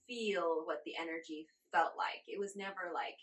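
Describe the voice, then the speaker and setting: A woman in her forties, a guest in an interview, telling her story in a lively way, laughing often and acting out her own reactions. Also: fairly low pitch, moderate pace. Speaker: guest channeler.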